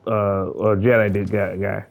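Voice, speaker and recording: A man's voice: lowish voice, measured pace, creaky. A man chatting casually while gaming, rambling and cursing, often breaking into laughter. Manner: animated, laughing, rambling, profane.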